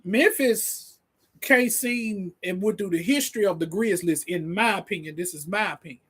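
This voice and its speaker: A man hosting a casual commentary stream, excitable and laughing, who stumbles, repeats words and keeps talking straight to his audience. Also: high voice, normal speed, breathy edge. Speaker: host.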